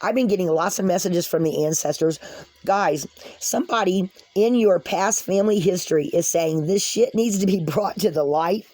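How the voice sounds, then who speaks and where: A woman's voice: fairly low pitch, moderate pace, warm tone, no echo, poor audio. A woman giving a casual spiritual tarot reading to camera, chatty, laughing often and talking straight to her viewers. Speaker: tarot card reader.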